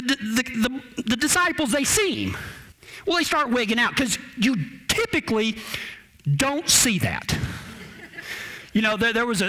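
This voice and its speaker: A man's voice: high-pitched, pushed and bright. A man preaching a folksy, homespun sermon, often repeating words as he restarts his sentences. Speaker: cowboy preacher.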